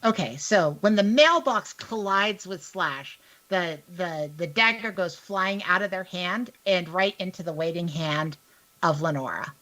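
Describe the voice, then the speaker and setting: A woman's voice: on the low side, animated, unhurried, sharp tone. A woman narrating a tabletop role-playing game as game master, in an easygoing, casual way.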